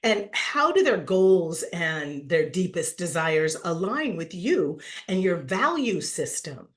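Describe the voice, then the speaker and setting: A middle-aged woman giving a playful, animated webinar talk on branding, acting out quoted voices and laughing often. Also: on the low side, slow pace. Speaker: branding speaker at an online summit. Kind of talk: lively webinar presentation.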